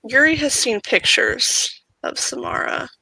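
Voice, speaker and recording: Bright, gravelly-voiced game master narrating. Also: sits high, a little slow, dry recording, low-quality recording. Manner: calm narration with small stumbles and repeats.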